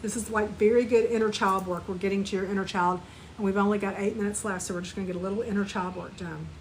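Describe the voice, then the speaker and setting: A woman leads a live online spiritual class, softly guiding listeners through an energy clearing and compassion phrases they repeat after her. Her mid-range voice stays fairly even and she talks fast. The audio is poor, with a slight hiss or hum.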